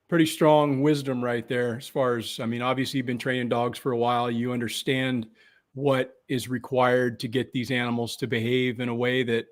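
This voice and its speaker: A man hosting an interview, answering his guest in a hesitant, casual way. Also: mid-range voice. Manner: hesitant, with fillers and restarts. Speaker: podcast host.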